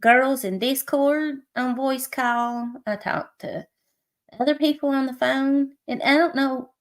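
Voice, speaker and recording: A woman's voice: sits high, fairly even intonation, slow pace. A woman with a thick Appalachian accent, co-hosting a livestream in casual chat and laughing often. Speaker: livestream co-host.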